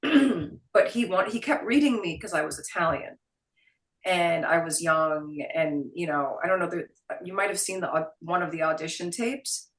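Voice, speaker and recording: A middle-aged woman from Queens with a New York accent, telling stories as an interview guest in an animated, salty way. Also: fairly low pitch, moderate pace, distant mic. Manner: animated, quotes people in put-on voices, swears casually. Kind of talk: casual storytelling interview. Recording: roomy sound, voice a bit off mic.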